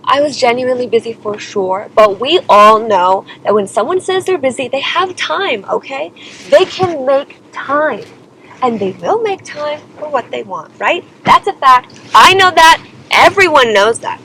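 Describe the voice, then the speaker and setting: A woman's voice: sits high, lively intonation, moderate pace, a bit bright, slight background noise, poor audio. A young woman singer telling a personal story in a dramatic, exasperated way, often saying "like" and "okay?". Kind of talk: confessional storytelling vlog.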